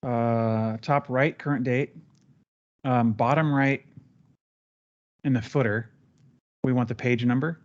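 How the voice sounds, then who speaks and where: A man guiding a trainee step by step through a software training session, relaxed and chatty with fillers. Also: medium pitch, slow pace, pauses often, lo-fi sound. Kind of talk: live screen-share training session.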